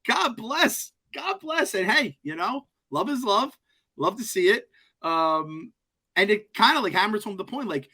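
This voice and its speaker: A man co-hosting a podcast in casual chat, animated, profane and joking. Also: high voice, moderate pace. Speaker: podcast co-host.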